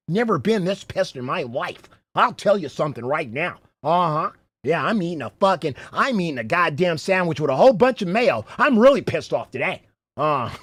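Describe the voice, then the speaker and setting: A man's voice: on the high side, sing-song, moderate pace, fairly bright tone, husky, no room sound. A man hosting a casual livestream, rambling, swearing freely and breaking into laughter often. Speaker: livestream host.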